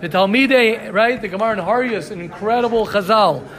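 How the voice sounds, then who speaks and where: A man teaching a Talmud class who reads Hebrew lines aloud and then translates them, pausing to reassure his students. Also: sits high, fairly bright tone. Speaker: Torah teacher.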